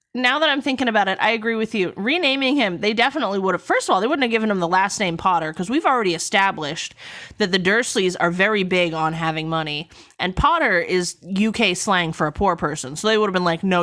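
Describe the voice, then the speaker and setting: A woman's voice: medium pitch, lively intonation, fairly quick, fairly bright tone. A woman streamer chatting casually during a book critique. She rambles and interrupts herself, with frequent coughs.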